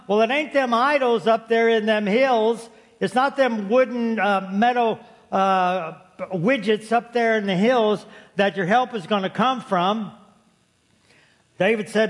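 A man's voice: sits high, a little slow. A man preaching a sermon to his congregation, folksy and storytelling, joking with the room. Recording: long hall reverb.

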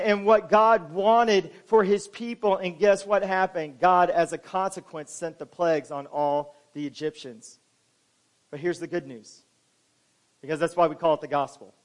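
High-voiced man preaching a sermon. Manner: swings from soft and low to loud and emphatic. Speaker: pastor.

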